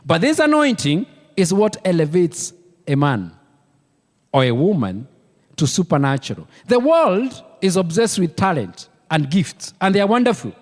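A man's voice: high voice, big pitch swings, normal speed, darkish tone, big-room sound. A man with a Kenyan accent preaching a sermon as pastor, emphatic and repeating key words for weight. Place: church.

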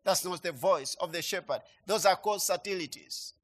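A man preaching a sermon, emphatic and repetitive, swinging between quiet asides and loud declarations. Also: high voice, moderate pace.

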